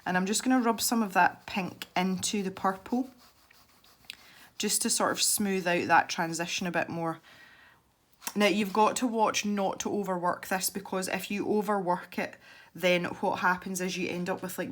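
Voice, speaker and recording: Chatty Scottish woman, low voice. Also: fairly even intonation, normal speed. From Scotland. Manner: chatty, rambling, laughs easily. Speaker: art channel host. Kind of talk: casual tutorial chat while colouring.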